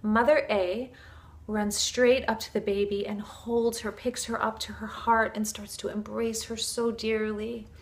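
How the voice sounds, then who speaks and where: A woman's voice: a little high, little pitch movement, unhurried. A woman spiritual teacher giving a casual talk in an earnest, flowing way, sprinkled with fillers like "like" and "you know".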